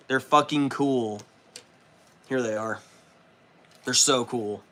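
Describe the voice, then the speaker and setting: A man hosting a casual livestream, loose and profane, excitable and chatting with his viewers as he works. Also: mid-range voice, slow pace, long pauses. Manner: loose, profane and excitable, reads chat aloud. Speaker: livestream host. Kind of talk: casual livestream chat while building models.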